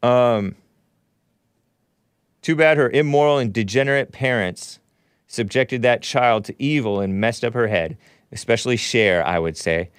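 A male talk radio host speaking into a close studio mic, his voice dry with no room sound around it. He reads out posts and answers them with scorn and sarcastic jabs. He drifts through rambling asides at a middling pitch. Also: unhurried, long pauses, clean tone, no echo. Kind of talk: opinionated call-in radio talk.

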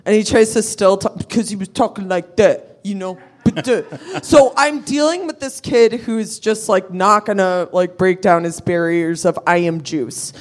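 A woman's voice: mid-range voice, normal speed, hardly any pauses. A woman telling a rowdy, profane story at a live show, acting out her friends' voices as she goes. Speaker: storyteller guest.

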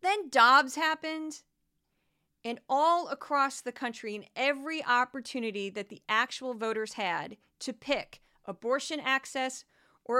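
A woman hosting a political commentary podcast, talking in an animated, indignant way and rattling off long lists with ums and uhs. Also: a little high, clear, resonant tone. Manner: animated, gets worked up and indignant. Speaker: podcast host.

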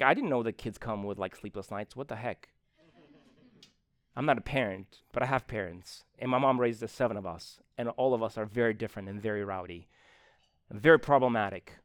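A man's voice: a little high, no echo, studio quality. Young male pastor, chatty sermon. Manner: conversational, acts out quoted exchanges with people. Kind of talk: live sermon. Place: church.

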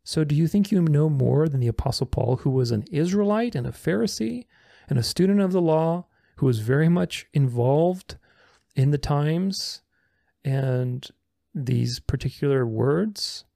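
Man, gravelly, slightly high voice, sarcastic, argumentative, casual commentary. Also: lively intonation, measured pace, warm tone, dry recording, clean studio sound. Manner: sarcastic, argumentative, reads comments aloud and rebuts them. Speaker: religious commentator responding to comments.

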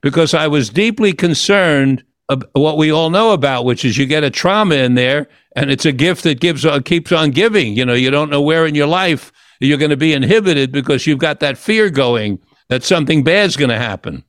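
An older man, the host of an interview, tells a long personal story in an earnest, reflective way. He often stops and restarts his sentences. His voice sits a little high and sounds dry and close. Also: lively intonation, moderate pace, hardly any pauses, fairly bright tone, dry recording.

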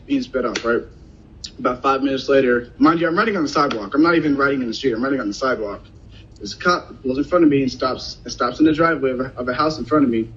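A man casually telling a personal story in a conversation, animated and acting out what other people said. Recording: dull lo-fi sound, faint rumble.

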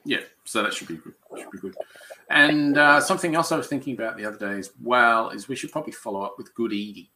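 A man's voice: medium pitch, fast, background noise. A man co-hosting a podcast in casual chat, upbeat and asking curious questions. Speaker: podcast co-host.

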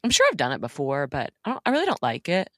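Low-voiced reflective woman podcast host. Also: wildly swooping pitch, no echo, clean studio sound. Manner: reflective, measured, opinionated. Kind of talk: casual chat.

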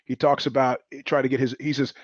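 A man's voice: mid-range voice, little pitch movement, quick pace, dry recording, highs cut off. A man hosting a podcast, talking in a rambling, wry, digressive monologue. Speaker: podcast host. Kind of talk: casual monologue commentary.

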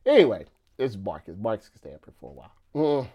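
A man's voice: lowish voice, wildly swooping pitch, fast talker, breathy edge, lo-fi sound. A man hosting a casual live stream, talking loosely with frequent restarts, filler asides and laughs between points.

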